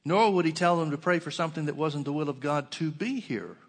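In an expressive, somewhat high voice, a man preaches earnestly, repeating important phrases and slowing his delivery to draw out quoted scripture.

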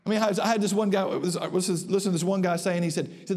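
A man preaching a sermon to a congregation, emphatic, slowing down and rising in pitch to drive home his points. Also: darkish tone. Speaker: pastor. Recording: long reverb of a church hall.

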